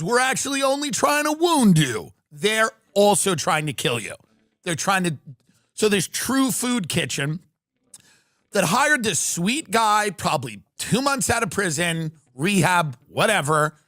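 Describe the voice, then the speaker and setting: A man's voice: high-pitched, measured pace, no echo, clean studio sound. A middle-aged man from New York, telling rambling, jokey stories on a live stream. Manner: rambling, animated, jokey rants with quoted impressions. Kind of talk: casual live-stream storytelling.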